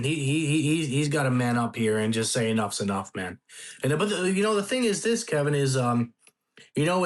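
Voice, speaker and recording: Man, podcast co-host, casual profane talk, higher-pitched voice. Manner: agreeing, casual and profane, calls fans to boycott. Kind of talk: casual sports podcast chat.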